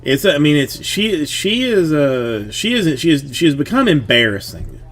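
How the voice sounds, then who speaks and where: A man's voice: on the high side, very animated, moderate pace, a bit bright. Man, thirties, a streamer and dad, casual rambling chat, heavy on fillers. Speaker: streamer, father of a young daughter.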